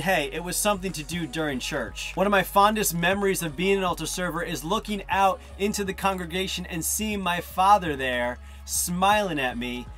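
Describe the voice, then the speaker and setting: A man in his thirties with a fairly high voice tells his own faith story. He is lively and does little voices for the people he quotes. Soft music plays faintly behind him. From northern New Jersey. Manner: animated, acts out quoted voices. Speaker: testimony speaker. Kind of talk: personal faith testimony.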